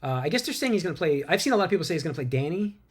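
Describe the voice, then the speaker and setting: A man's voice: a little high, sing-song, rapid-fire, slightly rough. Rambling man hosting a movie podcast. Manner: rambling, stumbles over names, laughs easily. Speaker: podcast host. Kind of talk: casual movie news chat.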